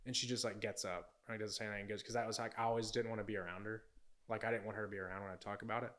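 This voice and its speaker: A man's voice: on the low side, level tone, very fast, fairly bright tone. A young man, a podcast guest, telling a personal story in a casual, rambling way, full of "like" and "you know".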